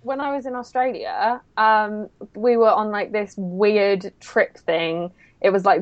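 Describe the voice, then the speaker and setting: A woman in a casual chat, blunt and sweary with jokey interjections. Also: medium pitch. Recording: dry, dull-sounding mic.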